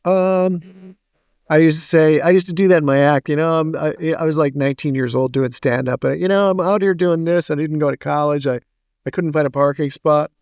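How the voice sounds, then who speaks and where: A man's voice: fairly high pitch, a little mellow, clear, resonant tone, no room sound, studio quality. Joking man hosting a casual podcast. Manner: jokey, storytelling, quick asides and dad jokes. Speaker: podcast co-host. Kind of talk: casual chat.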